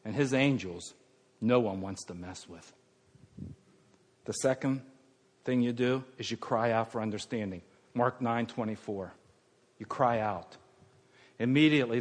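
A middle-aged male pastor preaching in a church hall, where his voice carries a long reverb tail. His voice sits a little high for a man, and he shifts between strong, emphatic preaching and low, almost whispered stretches. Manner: swings from raised emphatic preaching to hushed, near-whispered delivery. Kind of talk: sermon.

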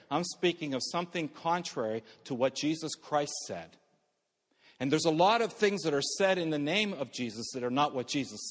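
Male pastor, high voice, dynamic sermon delivery, church hall with long reverb. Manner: dynamic preaching, swings from raised to hushed.

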